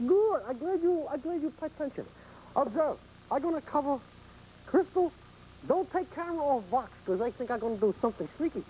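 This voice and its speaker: A bumbling male stage magician in a Polish accent, broken English and chuckling showmanship, as a man puts him on for 1970s TV. The voice is mellow and swoops around a lot. He coaxes the audience to observe every step. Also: very high-pitched, a little hiss or hum, rough recording. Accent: put-on Polish. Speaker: TV horror host doing magic. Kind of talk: 1970s TV horror host performance.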